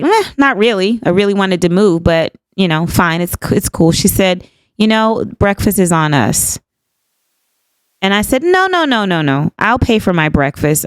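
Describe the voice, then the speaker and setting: Woman, fifties, podcast host, candid storyteller; low, smooth voice, dry close sound. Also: dry recording. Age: 50s. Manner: candid, animated retelling with quoted dialogue. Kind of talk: personal storytelling.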